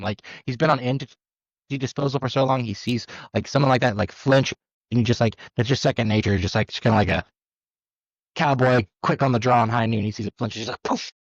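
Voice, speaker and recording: A man's voice: mid-range voice, dry recording, lo-fi sound. A man playing his character in a tabletop game, talking casually with lots of fillers as he thinks aloud. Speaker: player.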